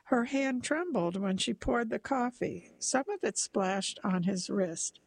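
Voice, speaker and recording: A woman narrating a literary short story aloud in a slow, measured, softly dramatic way. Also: fairly high pitch, lively intonation, creaky, rough recording.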